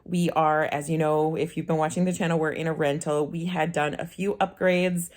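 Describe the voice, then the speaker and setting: A woman's voice: sits low, flat delivery, normal speed, a little mellow. A woman in her thirties, a vlogger telling a personal story in a chatty way to camera, with easy laughs and restarts. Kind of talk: casual chat to camera.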